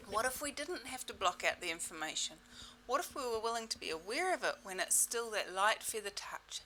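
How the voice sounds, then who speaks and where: A woman leading a self-help webinar in a playful, exclamatory way, repeating set clearing phrases. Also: a little high, animated, moderate pace, pushed and bright, a little hiss or hum, poor audio. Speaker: webinar facilitator.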